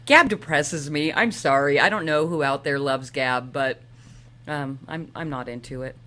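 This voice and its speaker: A woman's voice: deep voice, moderate pace, sharp tone. A woman co-hosting a live show, chatting casually in a rambling, candid way. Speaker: co-host.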